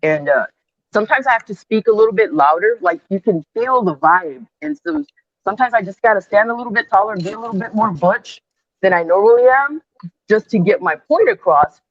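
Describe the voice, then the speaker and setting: A woman's voice: medium pitch, a little fast, no room sound. Dry, dull-sounding woman storyteller in her 50s. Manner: animated storytelling, mixing in Spanish phrases. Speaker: construction superintendent guest. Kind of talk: casual chat. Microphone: earbuds on a remote call.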